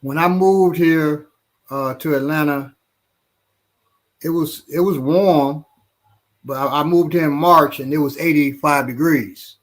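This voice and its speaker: A man's voice: on the high side, a little slow, pauses often. A middle-aged man from Chicago hosting a casual chat, telling stories animatedly with many restarts. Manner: animated storyteller acting out loud voices. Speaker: podcast host.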